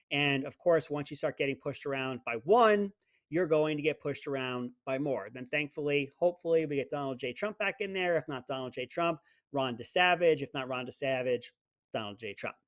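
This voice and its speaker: Host, middle-aged man, sarcastic ribbing tone, a bit high-pitched, dry room. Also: no room sound. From United States. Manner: sarcastic, joking, ribs listeners. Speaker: show host. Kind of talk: casual political commentary.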